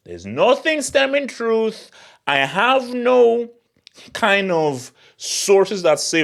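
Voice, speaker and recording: A young man hosting a football channel, talking in an excitable, laughing rant. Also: sits high, extremely slow, vocal fry. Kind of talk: animated football commentary vlog.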